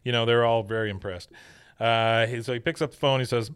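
A man's voice: medium pitch, fairly even intonation, fairly quick, a bit bright, clean tone. Easygoing man recapping a show. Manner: easygoing, chatty, narrating. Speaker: podcast host. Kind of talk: casual episode recap.

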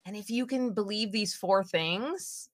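Speaking a little slowly, an animated woman in her thirties shares a story as a guest on a podcast interview. She performs what people said with dramatic upward pitch jumps, and the studio sound is clean with no echo.

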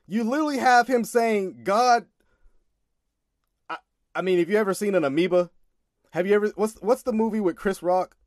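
A man's voice: sits high, moderate pace, pauses often, no room sound, clean studio sound. A man casually commenting on a sermon clip, exasperated and emphatic, often laughing in disbelief.

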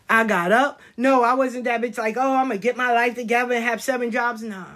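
Her mid-range voice is a bit bright as this woman, a spiritual content creator, delivers a casual livestream monologue. She tells stories and preaches honesty in a blunt, profane way.

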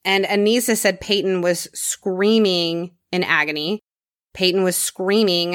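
A woman's voice: medium pitch, normal speed, a bit bright, dry recording, clean studio sound. A woman hosting a podcast, telling a true crime story in a casual conversational way and dropping her voice for grim details.

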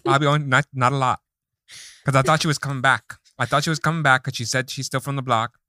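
A man's voice: mid-range voice, fairly even intonation, fast, pushed and bright, no room sound, clean studio sound, lightly acted. A man improvising a sassy, drawling friend who gossips while waiting on the block. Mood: gossipy. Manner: drawling, calls people girl.

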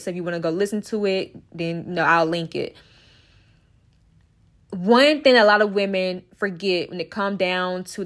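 A young woman hosting a solo podcast, talking in a candid, emphatic way with lots of repetition and some swearing. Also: medium pitch. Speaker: podcast host. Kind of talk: casual solo podcast monologue.

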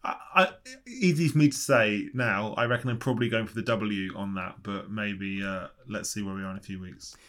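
A man's voice: fairly low pitch, brisk, fairly bright tone. A man co-hosting a casual podcast, hedging and thinking his points through aloud. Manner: musing, hedging, talks things through aloud. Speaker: podcast co-host.

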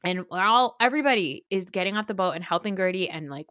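A woman podcast host recapping reality TV in a casual, gossipy, animated way, swearing freely. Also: lowish voice, fairly quick, hardly any pauses, no echo, studio quality.

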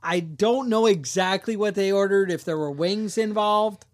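A man's voice: high voice, moderate pace. A man hosting a podcast, telling a crime story in a rambling, joking way and acting out the people in it. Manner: jokey, rambling, acts out quotes. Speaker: podcast host. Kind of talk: casual true-crime storytelling.

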